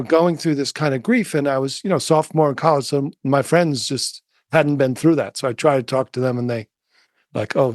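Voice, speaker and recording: A middle-aged man, a meditation teacher, telling a personal story in a soft-spoken, musing way with many fillers and restarts. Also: medium pitch, no echo. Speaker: interview guest, meditation teacher. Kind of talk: reflective storytelling.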